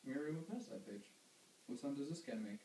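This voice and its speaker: A man's voice: mid-range voice, expressive, fast, dark tone, roomy sound, a little hiss or hum, poor audio. A man reading a picture book aloud to a toddler, patiently coaxing the child and quizzing him on animal sounds.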